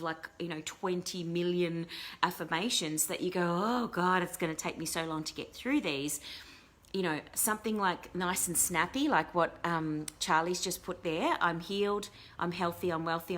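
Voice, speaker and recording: A middle-aged woman with a lowish, fairly bright voice hosts a casual live-stream talk show as a life coach. She rambles along, full of fillers and restarts.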